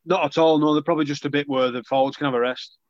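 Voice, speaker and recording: A man's voice: a little high, steady tone, rapid-fire, no room sound. Young man, casual interviewee, self-deprecating, dry dull recording. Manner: chatty, self-deprecating, many restarts. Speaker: rugby league player.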